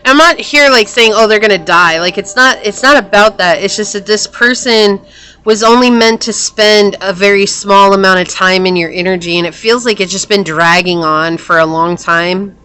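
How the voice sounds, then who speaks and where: A woman's voice: mid-range voice, moderate pace, pushed and bright. A woman talks through a tarot spread in a loose, chatty way, with a mid-range voice. She leans on fillers and restarts, and she breaks off now and then for hiccups. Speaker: tarot reader. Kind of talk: casual spoken tarot reading.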